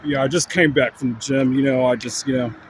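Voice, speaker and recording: A laid-back gym-bro guy, really a dog given a human voice, as a man puts him on, rumbles low and lazy with fillers in every breath. He sounds relaxed and bragging. The street behind him is thick with loud traffic, like an outdoor phone stream. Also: fairly quick, close to an everyday voice. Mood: boastful. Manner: drawling, filler-heavy "you know, man" talk.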